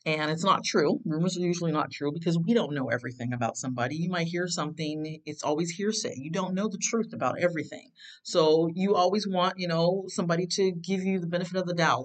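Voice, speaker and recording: A self-help speaker giving casual advice in a rambling, conversational way, full of fillers and restarts, with sudden jumps in pitch on questions. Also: lively intonation, a little fast, a bit bright, rough recording.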